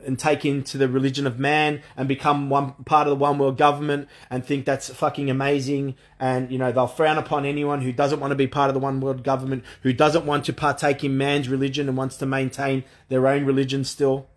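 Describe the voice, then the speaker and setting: A man's voice: mid-range voice, little pitch movement, brisk, few pauses. A man delivering a frustrated, profane monologue rant full of restarts. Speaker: vlogger. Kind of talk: ranting monologue.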